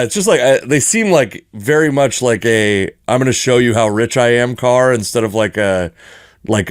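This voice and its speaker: A man in an easygoing sports podcast chat, wandering through his points with restarts and little chuckles. His voice sits at a middle pitch, recorded dry and close with no room sound. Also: dry recording. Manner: rambling, joking, frequent restarts and chuckles. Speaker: podcast co-host.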